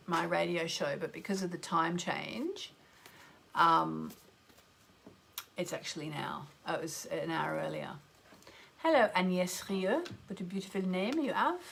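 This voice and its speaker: A woman's voice: lowish voice, gravelly. A middle-aged woman with an Australian accent, hosting a live astrology show, chatty and enthusiastic as she reads oracle cards and greets listeners by name. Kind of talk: live show chat with oracle card readings.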